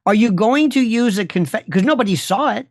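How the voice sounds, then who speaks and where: A man speaking as a guest legal commentator on a talk show, emphatic and rapid-fire, firing off rhetorical questions. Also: high voice, animated, no echo, studio quality.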